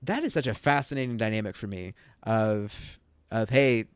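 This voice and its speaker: A man's voice: on the low side, normal speed, clear, resonant tone, no room sound, clean studio sound. A man co-hosting a casual Bible podcast, telling stories with animation and dropping short affirming murmurs while the other host talks.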